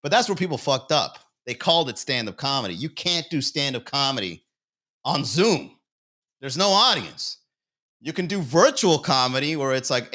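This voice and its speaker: A man hosts a loose comedy livestream, rambling from bit to bit with plenty of swearing, chuckling at his own jokes and speaking directly to viewers in chat. His voice sits at an ordinary middle pitch for a man, with big pitch swings, a sharp tone, and normal speed.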